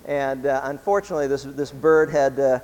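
A male pastor giving a sermon in a church, telling a story in a relaxed, conversational way before turning to scripture. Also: medium pitch, a little fast. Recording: long hall reverb.

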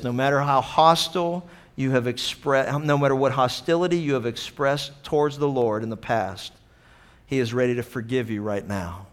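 A man preaching a sermon, impassioned, swinging between loud acted-out quotes and hushed, earnest passages. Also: medium pitch. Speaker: pastor.

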